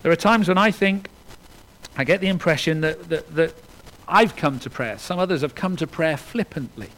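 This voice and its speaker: A man preaching a sermon earnestly, rising to emphasis and dropping to hushed phrases, with frequent restarts. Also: on the high side, normal speed, low-quality recording. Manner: earnest, swinging between loud emphasis and hushed lines, with restarts.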